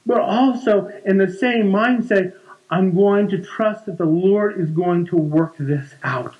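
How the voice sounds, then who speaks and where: A man's voice: high-pitched, measured pace, dull audio. A man in his forties preaching a conversational sermon in a church, often repeating words and restarting sentences. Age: 40s. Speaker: pastor.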